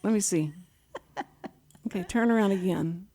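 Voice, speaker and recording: Animated middle-aged woman telling stories. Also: medium pitch, normal speed. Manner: animated, acts out quotes with laughter. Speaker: sign language interpreter and guest. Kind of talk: casual storytelling chat.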